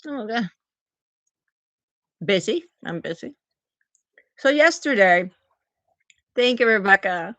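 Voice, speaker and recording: A woman chatting on a live stream and thanking viewers for gifts. She is recovering from oral surgery and tells her story in an animated way, acting out the quotes. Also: medium pitch, slow, long pauses, no room sound. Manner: animated storyteller, acts out quotes in big voices. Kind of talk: casual live-stream chat.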